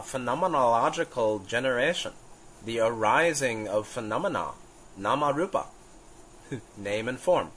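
A man's voice: mid-range voice, a bit bright, slight background noise, low-quality recording. A man giving an unscripted spiritual talk, thinking aloud with fillers and restarts and chuckling now and then. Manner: musing, halting, with frequent fillers and restarts. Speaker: teacher. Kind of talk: spontaneous spiritual teaching.

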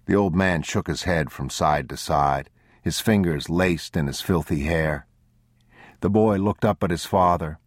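Deep, slow male audiobook narrator. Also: no room sound, clean studio sound. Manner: measured, sombre and deliberate. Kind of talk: scripted literary narration.

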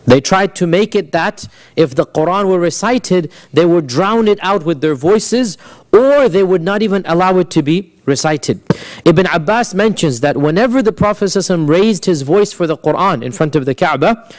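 A man's voice: sits high, expressive, fairly quick. A man giving a conversational classroom lecture, asking the class questions and mixing in Arabic phrases. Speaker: Islamic history teacher.

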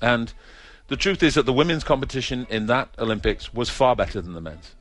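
A man delivering an earnest, forceful opinion piece as a commentator. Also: mid-range voice, expressive, fairly quick. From Britain. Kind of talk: opinion monologue.

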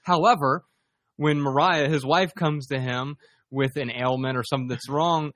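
A man co-hosting a podcast, talking in a thoughtful, measured way with a wry edge. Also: fairly high pitch, fairly even intonation, a bit bright, no room sound, studio quality. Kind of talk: conversational podcast talk.

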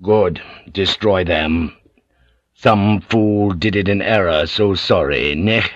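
A man voicing a calm, commanding older warlord who speaks in terse, measured orders. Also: deep voice, dry recording, highs cut off.

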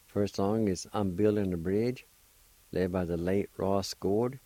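Teaching a language over the radio, a man speaks in a very low, mellow, steady voice at a measured pace. He takes his time spelling each word and encourages his listeners. The audio is poor but dry and close, as from a studio microphone, with no echo.

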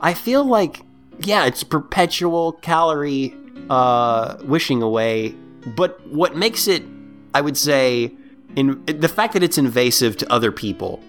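Animated man on a casual podcast. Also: on the high side, unhurried, faint music behind. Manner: animated, sarcastic, laughs often. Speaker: podcast co-host.

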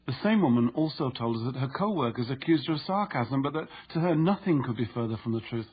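A man narrating an instructive audiobook in a steady, explanatory way. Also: mid-range voice, brisk, hardly any pauses, breathy edge, lo-fi sound.

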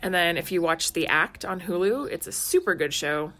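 A woman's voice: lowish voice, expressive, moderate pace, a bit bright. Thirties woman, mom and podcast co-host; loose, laughing, rambling casual chat. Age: 30s. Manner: chatty, laughs often, lots of "like" fillers.

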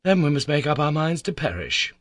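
A man's voice: on the high side, big pitch swings, fairly quick, dry recording, voice pushed up. A man voicing a desperate young man who pleads vehemently to turn back from a journey.

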